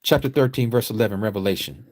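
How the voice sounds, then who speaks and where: A man teaching a livestreamed scripture lecture, preaching emphatically and repeating phrases, his voice swinging from quiet to loud. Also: fairly low pitch, fast, dry recording, clean studio sound. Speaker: Bible study teacher.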